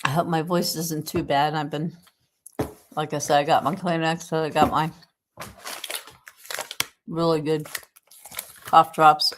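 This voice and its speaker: A woman's voice: low voice, flat delivery, measured pace, pauses often, noisy background. A woman with a Southern US accent hosting a casual livestream at home, congested from a cold, chatty and rambling with lots of ums. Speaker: livestream host. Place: indoors at home.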